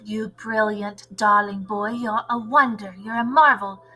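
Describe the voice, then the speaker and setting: A woman doing a gentle old grandmother. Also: mid-range voice, fairly even intonation, a little slow, rough recording. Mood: tender. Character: loving, worried older grandmother.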